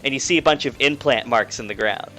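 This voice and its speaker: A man's voice: medium pitch, fast talker, sharp tone, faint music behind. A man narrating a tabletop role-playing session as game master, rambling with many fillers. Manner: rambling, filler-heavy, playful.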